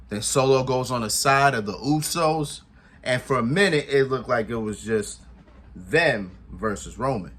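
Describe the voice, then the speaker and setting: Husky man recapping with excitement. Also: medium pitch. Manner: animated retelling, acts out quotes, laughs often. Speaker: wrestling show reviewer. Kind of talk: casual recap commentary.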